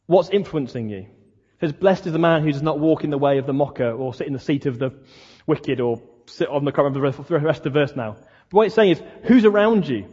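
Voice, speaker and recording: A man's voice: on the high side, darkish tone, breathy edge. A man preaching a sermon, talking conversationally and asking the listeners many questions. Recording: dull lo-fi sound, long hall reverb.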